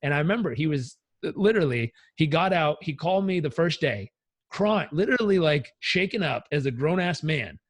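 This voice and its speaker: A man, a life coach, telling stories in a casual interview, energetic and blunt, swearing freely. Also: a little high, moderate pace, no echo.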